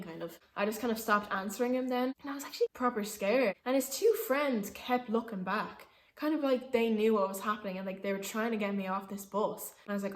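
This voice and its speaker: A woman's voice: mid-range voice, fairly quick, hardly any pauses. A young woman telling a personal story in a chatty, casual way, peppering it with "like" and laughing asides. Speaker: vlogger. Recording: roomy echo.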